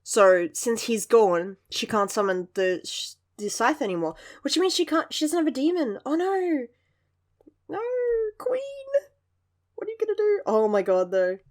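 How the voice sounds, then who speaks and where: A woman's voice: on the high side, a little slow. Young woman chatting about manga, super gushy and giggly, laughs a lot between thoughts. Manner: gushing, giggly, animated asides. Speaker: manga reviewer. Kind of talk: casual chat.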